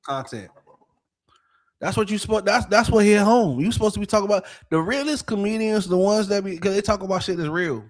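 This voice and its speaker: A man with a notably high voice holds forth on a casual podcast. He talks with animated, profane energy. He keeps firing off rhetorical questions at his listeners. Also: brisk. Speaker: podcast co-host. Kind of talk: casual political commentary.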